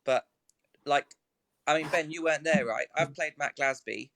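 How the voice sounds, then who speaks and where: A man's voice: on the high side, moderate pace, vocal fry, fairly bright tone, no room sound. A young man, a snooker player chatting as a guest, rambling with many fillers and restarts. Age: young adult. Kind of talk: casual live chat.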